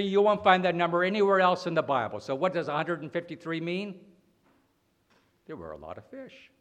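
A man preaching a sermon, animated and full of rhetorical questions and dramatic pauses. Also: a little high, muffled recording.

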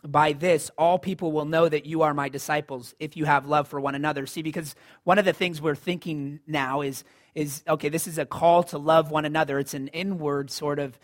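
A man's voice: fairly high pitch, fairly even intonation, a little fast. A man preaching a sermon in a conversational style, rising to emphatic lines. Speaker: pastor.

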